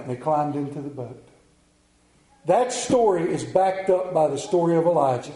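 A man preaching a sermon, telling Bible stories and acting out the characters, swinging between loud bursts and quiet low passages. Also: lively intonation, normal speed, echoey room, low-quality recording. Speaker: pastor.

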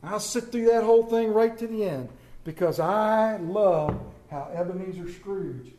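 A male preacher giving a sermon in a hushed, dramatic storytelling manner. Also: sits high, unhurried, a little hiss or hum. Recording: echoey room.

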